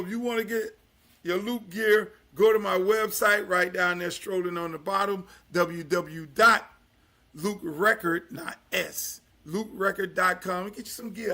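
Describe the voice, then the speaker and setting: Older male podcast host, high bright voice, loud profane monologue with low asides. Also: fairly even intonation, moderate pace, creaky. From Miami, United States. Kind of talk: casual profane talk-show monologue.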